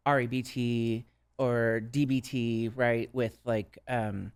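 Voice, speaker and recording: A man's voice: medium pitch, fairly even intonation, takes it slowly, clean tone. A man with a Minnesota accent, a guest on a podcast, earnestly telling his own story in a reflective way and often checking in with "right?". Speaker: guest, substance use counselor. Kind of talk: casual podcast conversation.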